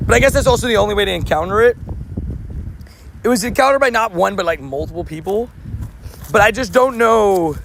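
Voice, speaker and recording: Upbeat young man livestreaming outdoors, gravelly. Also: sits high, a bit bright, slight background noise. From not from New York. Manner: upbeat, chatty, laughs often, restarts sentences. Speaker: livestreamer playing a mobile game outdoors. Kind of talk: casual live-stream chat.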